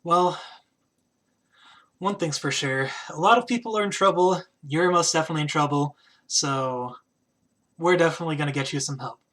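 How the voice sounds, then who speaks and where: A man's voice: on the high side, moderate pace, long pauses, a bit bright. A man voicing a short, blunt but friendly woman warrior who talks casually and reassuringly in a tabletop game. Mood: brisk.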